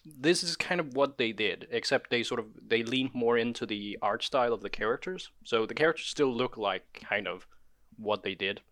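A man's voice: medium pitch, moderate pace, a bit bright, no echo, clean studio sound. A man co-hosting a podcast in casual chat, rambling and hedging with fillers as he talks. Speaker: podcast co-host.

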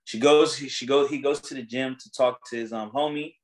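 A man hosting a casual chat, retelling a story in animated, slangy, profane talk. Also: mid-range voice, fairly quick, poor audio.

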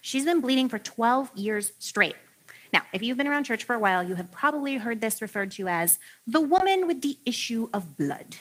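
A woman's voice: fairly high pitch, big pitch swings, moderate pace. A woman preacher giving a casual, humorous sermon in a chatty, playful way, full of "like". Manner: chatty and playful, heavy use of "like".

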